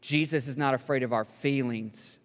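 A man preaching a sermon to a congregation, building to emphatic peaks and dropping to soft, hushed lines, with joking asides. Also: medium pitch, fairly even intonation, normal speed. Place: church sanctuary. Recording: long hall reverb.

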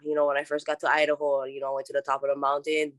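Podcast guest: young woman with a Hawaiian accent, relaxed and talkative, often laughing, dry close sound. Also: deep voice, racing, no room sound. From Oahu, Hawaii. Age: young adult. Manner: chatty, laughs often, mixes in Hawaiian words. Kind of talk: casual conversational interview.

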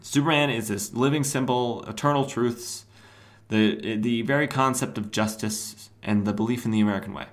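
A man's voice: medium pitch, moderate pace, natural voice. A man reading a boastful comic-book hero's lines in a raised, declaiming voice. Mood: grandiose.

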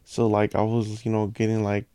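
A man's voice: lowish voice, completely flat delivery, moderate pace, mellow, clear, resonant tone, dry recording. A young man from a Mexican family, a podcast guest telling rambling, profane anecdotes in casual chat.

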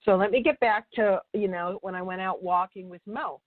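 A woman's voice: mid-range voice, normal speed, dry recording. A woman animal communicator telling stories and teaching in a chatty way, often restarting her sentences and acting out what people said. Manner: chatty, restarts mid-sentence, acts out dialogue. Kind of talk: teaching talk with anecdotes. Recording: dry, tinny phone-like sound.

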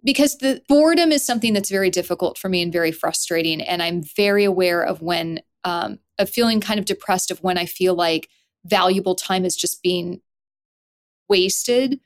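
A woman actor and writer talking as a podcast guest, animated, with her voice leaping up often. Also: normal speed. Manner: animated, with wide swoops up in pitch. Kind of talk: conversational interview.

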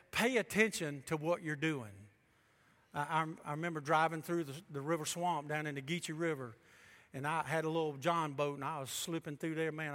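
A male pastor with a high, bright voice delivers a sermon in a church sanctuary, the recording carrying the long reverb of a large hall. He preaches emphatically, swinging from loud declarations to hushed asides.

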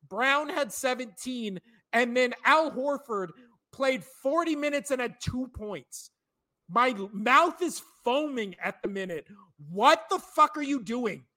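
On a sports podcast he co-hosts, a man in his thirties or forties rants, swearing in exasperated bursts. He has a very high voice with a sharp tone.

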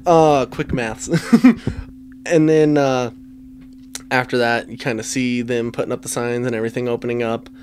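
A man talks through a film recap in relaxed, profane podcast banter. He laughs often and slips into quick impressions of the characters. His voice is mid-pitched, with a faint hiss behind it. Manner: profane, laughing, acts out lines from scenes. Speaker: podcast co-host. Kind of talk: casual movie recap chat.

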